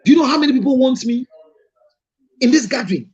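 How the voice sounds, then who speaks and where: Ghanaian male counselor-host, high husky voice, storytelling, scolding rhetorical questions, dull lo-fi recording. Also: expressive, fast, darkish tone. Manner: scolding, rhetorical questions, mixes in Twi phrases. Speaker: marriage counselor and show host. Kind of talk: lively storytelling talk to an audience.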